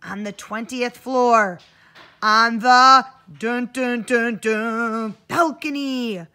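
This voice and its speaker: Woman doing a bossy girl detective, eager, high voice, animated. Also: moderate pace, heavily acted.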